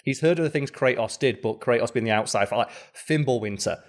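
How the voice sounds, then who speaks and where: Animated podcast guy, casual game chat. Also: a little fast. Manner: animated, jokes, acts out game characters in high voices. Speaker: podcast co-host.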